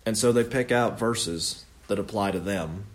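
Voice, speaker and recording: A young man teaches a Bible study in a relaxed, conversational way. His voice sits on the low side, and he often stops to correct himself before pressing on earnestly. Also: measured pace.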